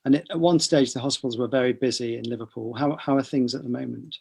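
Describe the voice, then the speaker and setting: Chatty professor hosting a relaxed podcast. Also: male voice, mid-range voice, fast, vocal fry, slightly rough. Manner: chatty, light teasing asides. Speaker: podcast host, professor of neurology. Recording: online broadcast discussion.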